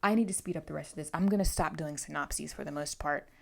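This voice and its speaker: A woman with a slightly low-pitched voice talks through her new books in a relaxed vlog. She is chatty and outspoken and drops in quick asides as she goes. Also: creaky. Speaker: book vlogger. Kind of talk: casual book haul vlog.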